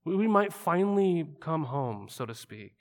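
A man's voice: a little high, big pitch swings, normal speed, big-room sound. A man preaching a sermon in a conversational way, often asking his listeners rhetorical questions. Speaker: pastor.

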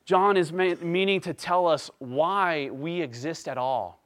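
A man preaching a sermon, emphatic, climbing to excited peaks and then dropping to quiet, earnest stretches. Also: a little high, measured pace. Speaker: pastor.

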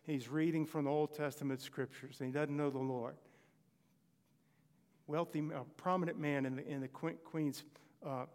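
A man's voice: on the high side, steady tone, normal speed, long pauses, a little mellow, long reverb tail. A man preaching a sermon, telling Bible stories and acting out short exchanges between characters.

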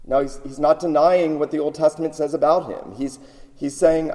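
A man's voice: fairly high pitch, steady tone, normal speed, darkish tone. Man preaching in a reverberant hall. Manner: emphatic, repeats words while building points. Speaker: pastor. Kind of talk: sermon.

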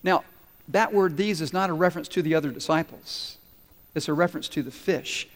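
Preaching briskly in a slightly high voice with fairly even intonation, a male pastor tells stories and voices their characters as he goes. A large hall's long reverb surrounds him.

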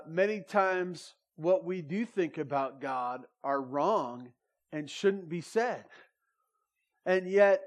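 Animated preacher man, higher voice. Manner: animated, swings between loud emphasis and soft intimate asides. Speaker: pastor. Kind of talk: sermon.

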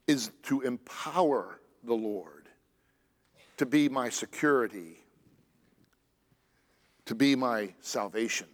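A man preaching a sermon as pastor, earnest and lively, stressing phrases between pauses. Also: mid-range voice. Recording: echoey church hall.

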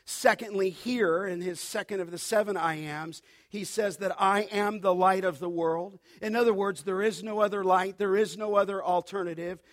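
High-voiced man preaching a sermon. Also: steady tone. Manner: emphatic, repeats key phrases, slows for quoted scripture. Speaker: pastor.

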